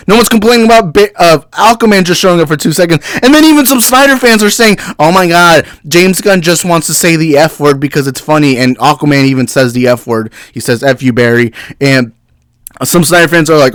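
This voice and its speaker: A man's voice: fairly high pitch, brisk, fairly bright tone, dry recording. A young man hosting a movie podcast, delivering a fired-up, exasperated rant. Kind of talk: heated rant.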